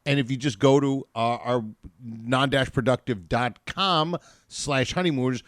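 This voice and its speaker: A middle-aged man hosting a podcast, reading plugs in a lively, jokey way. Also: mid-range voice, unhurried, no room sound, clean studio sound. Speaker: podcast host. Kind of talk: casual podcast chat.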